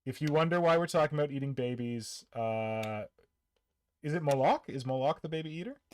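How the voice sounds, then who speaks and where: A man's voice: mid-range voice, a little fast, darkish tone, clean tone. A man hosting a hobby stream in casual, joking chat that rambles at times. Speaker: stream host.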